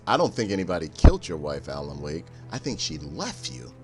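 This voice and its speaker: A man streaming a game, joking and cursing in an animated, storytelling way. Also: very deep voice, a little fast, faint music behind. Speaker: gaming streamer. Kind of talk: casual let's-play commentary.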